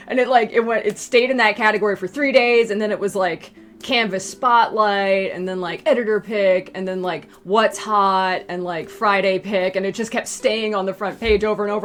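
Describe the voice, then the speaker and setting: Woman streamer, chatty storyteller, quoted voices jump high and low, faint music behind. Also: a little fast. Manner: animated, acts out quoted friends in higher and lower voices. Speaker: webcomic creator hosting a Q and A stream. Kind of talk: casual storytelling on a livestream.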